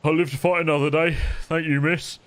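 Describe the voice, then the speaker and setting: Man voicing a gruff, tough old-salt deckhand. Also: a little high, little pitch movement, brisk, a bit bright, voice pushed up, close to an everyday voice. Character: grizzled one-legged male deckhand, tough and grateful.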